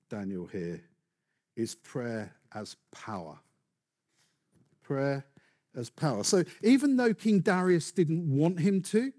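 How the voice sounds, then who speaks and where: A man preaching a sermon with animated, building emphasis and rhetorical questions. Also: on the high side.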